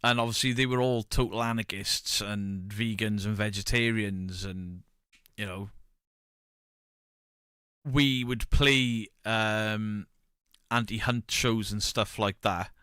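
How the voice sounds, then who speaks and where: A man's voice: fairly low pitch, fairly even intonation, slow pace, smooth, no room sound, clean studio sound. A man, streaming and bantering casually with his chat. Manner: banter, reads chat aloud, shouts mock pub-landlord bits.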